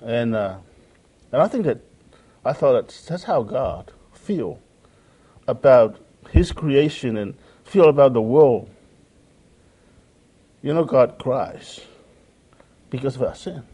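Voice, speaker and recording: A man delivering a sermon with a mellow, warm-toned voice. He speaks earnestly, circling back to repeat phrases as he quotes scripture. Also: mid-range voice, expressive, slow, long pauses, husky. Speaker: preacher.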